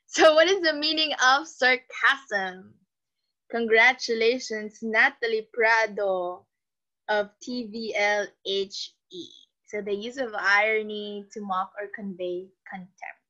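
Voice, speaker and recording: A woman's voice: mid-range voice, slow, pushed and bright. A woman teaching a live online class, chatting and reading out students' answers. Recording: lo-fi dull audio.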